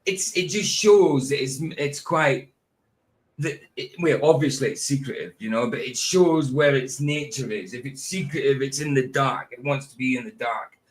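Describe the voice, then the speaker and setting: A man from Scotland with a northeast Scottish Doric accent, hosting a livestream in relaxed, chatty conversation. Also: mid-range voice, normal speed. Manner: relaxed, chatty, laughs often. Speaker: show host. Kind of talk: casual chat on a livestream.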